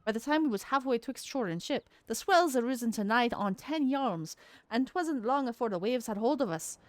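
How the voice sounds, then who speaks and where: A woman's voice: a little high, animated, normal speed, darkish tone, no echo, voice pushed up, lightly acted. A woman voicing a worried young male dockhand in a put-on rustic seafaring accent with old-fashioned folksy dialect. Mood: earnest.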